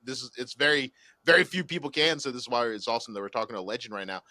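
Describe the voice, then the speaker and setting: A man co-hosting a podcast in a casual chat, joking and animated as he tells stories. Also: medium pitch, very fast, dry recording. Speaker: podcast co-host.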